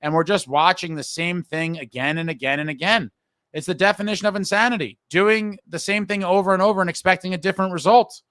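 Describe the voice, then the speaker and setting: A man's voice: sits high, quick pace, fairly bright tone, no echo. A man hosting a live fan show and reading viewer comments aloud, blunt and frustrated and swearing casually. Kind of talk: casual live-stream talk.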